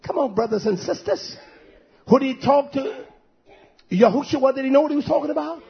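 A man's voice: very high voice, expressive, normal speed, creaky, muffled recording. A man preaching a sermon, firing off rhetorical questions and repeating his points for emphasis.

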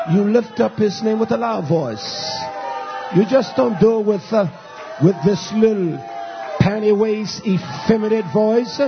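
A man's voice: high-pitched, vocal fry, muffled recording. A man preaching a sermon, exhorting and calling out to the congregation.

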